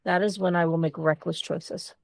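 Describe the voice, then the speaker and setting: A woman's voice: lowish voice, moderate pace, vocal fry, dry recording. Candid, swearing woman podcast host. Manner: candid and expressive, swears freely. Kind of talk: casual chat.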